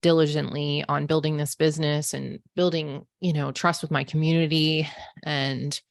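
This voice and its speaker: Woman in her forties, low pitch, chatty storytelling with fillers, dry close sound. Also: flat delivery, normal speed, vocal fry, no room sound. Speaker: podcast host, psychic medium. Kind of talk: casual storytelling monologue.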